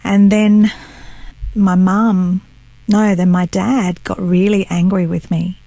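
A middle-aged woman sharing her faith testimony as a guest. She tells it earnestly, with a gravelly edge to her voice, recorded close and dry. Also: mid-range voice, level tone, slow pace, warm tone, dry recording, rough recording. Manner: earnest storytelling, acts out quotes. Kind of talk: personal testimony.

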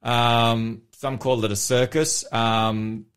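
A man's voice: mid-range voice, slow, clean tone. An Australian pastor co-hosting an afternoon radio show. His talk is loose and rambling, full of ums and restarts, and he laughs easily. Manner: chatty, animated, laughs often, rambling with fillers. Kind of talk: casual radio chat. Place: radio studio.

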